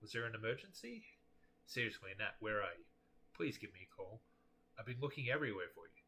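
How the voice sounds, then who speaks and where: A man's voice: mid-range voice, big pitch swings, fast talker, a bit bright, husky, heavily acted. A man voicing a polite, earnest husband who pleads and frets. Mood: worried.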